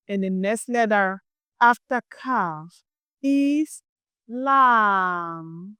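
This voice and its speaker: A woman gently teaching young children their letters, speaking very slowly and drawing out each sound. Her voice is smooth and clear, recorded close and dry with no room sound. She praises the listener often and keeps an encouraging, patient manner. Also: medium pitch, expressive, no echo. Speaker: children's Arabic alphabet teacher.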